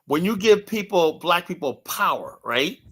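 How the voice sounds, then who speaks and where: A man's voice: sits high, lively intonation, moderate pace, fairly bright tone, husky. Rambling man who keeps asking 'right?'. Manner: swears freely. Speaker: panelist. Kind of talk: heated casual debate.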